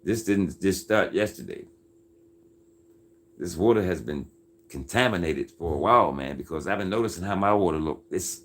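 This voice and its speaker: A man's voice: deep voice, slight background noise. A man hosting a casual faith-based livestream, earnest and folksy, keeps calling his viewers "folks" and "man.". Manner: earnest, preacher-like insistence. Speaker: livestream host reading viewer comments.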